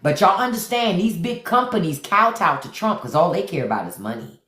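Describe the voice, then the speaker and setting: A woman's voice: on the low side, sing-song, brisk, a bit bright. Blunt preachy woman livestreaming in echoey room. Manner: blunt, preachy, repeats lines for emphasis, greets viewers. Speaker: live stream host. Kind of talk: livestream commentary.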